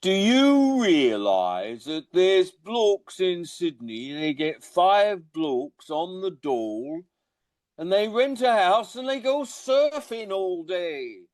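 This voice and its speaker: A man's voice: high voice, big pitch swings, slow pace, darkish tone, no echo, pitched above the performer's own voice, full character voice. A man imitating his indignant stepfather from Coventry, speaking with an exaggerated Coventry English accent. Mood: lecturing. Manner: scolding, exasperated.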